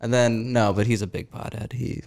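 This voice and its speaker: A man's voice: medium pitch, fairly even intonation, normal speed, creaky, a little mellow. A man in his twenties, a podcast guest, talking in a laid-back, hesitant way full of likes. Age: 20s. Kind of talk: casual chat.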